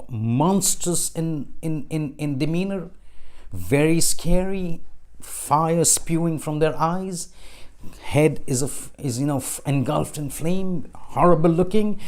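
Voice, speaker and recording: A man giving a sermon in a mosque, telling a story and taking on the voices of its people, slowing down to recite prayers. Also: on the high side, a little mellow. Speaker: preacher.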